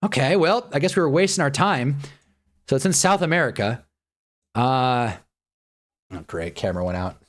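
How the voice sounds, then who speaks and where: A man's voice: mid-range voice, lively intonation, moderate pace, long pauses. A man hosting a livestream in casual chat, thinking aloud, muttering and swearing now and then. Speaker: livestream host. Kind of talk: casual live-stream chat.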